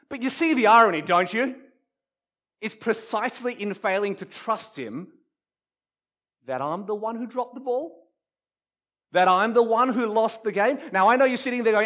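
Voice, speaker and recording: A man preaching a sermon, telling stories dramatically and building up repeated phrases, shifting from quiet to loud. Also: high voice, moderate pace, pauses often. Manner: dramatic storytelling with wide swings from soft to loud; repetitive rhetorical build-ups.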